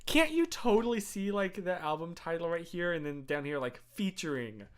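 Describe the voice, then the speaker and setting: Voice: mid-range voice, animated, normal speed. A streamer in their thirties chatting casually on a live stream, reading chat and rambling with many fillers and restarts.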